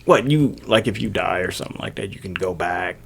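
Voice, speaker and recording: A middle-aged man co-hosting a podcast, swearing freely in casual, animated banter. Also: low voice, brisk, gravelly, husky. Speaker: podcast co-host. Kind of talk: casual chat.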